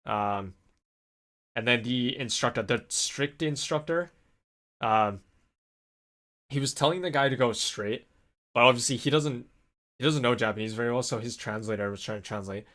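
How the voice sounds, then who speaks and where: A man vlogging in a casual, rambling storytelling way, animated when he quotes people. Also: mid-range voice, normal speed. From North America. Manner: rambling, animated when quoting others, laughs often.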